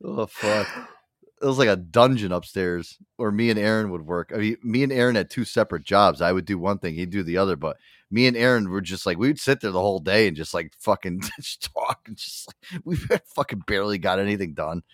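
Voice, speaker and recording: A man's voice: lowish voice, lively intonation, a little fast, dry recording, studio quality. A man hosting a podcast, telling crude stories in casual chat and laughing often. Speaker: podcast host.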